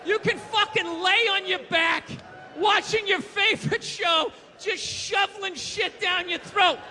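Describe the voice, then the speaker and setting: A man doing a stand-up comedy set, ranting and mocking loudly, with profane punchlines. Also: extremely high pitch, steady tone, a little slow, in a large hall, a faint crowd, slight background noise. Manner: ranting, mocking, loud and profane with acted quotes. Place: comedy stage before an audience.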